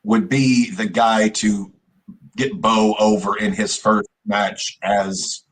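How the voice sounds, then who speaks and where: A man co-hosting a wrestling podcast, talking casually in halting starts and repeated words. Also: on the low side, flat delivery. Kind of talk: casual chat.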